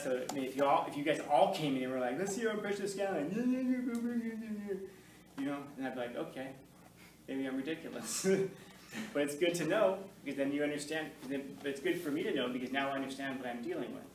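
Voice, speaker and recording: A man teaches from the front of a roomy, echoing classroom, and the camera sits well back from him. A steady hiss runs under his voice. His talk rambles and jokes, and he acts out the voices of the people he quotes. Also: mid-range voice. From Los Angeles. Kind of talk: classroom lecture. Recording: distant echoey classroom with noise.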